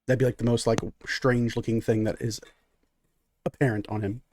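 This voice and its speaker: A man's voice: medium pitch, little pitch movement, moderate pace, a little mellow, slight background noise. A man narrating as game master in a tabletop game, casual with many fillers.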